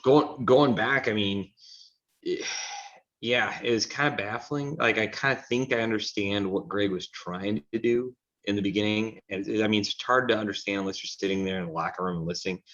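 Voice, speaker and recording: A man's voice: lowish voice, moderate pace, fairly bright tone, highs cut off. A man co-hosting a soccer talk show, giving frank, opinionated takes in a rambling casual way. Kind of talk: casual sports chat.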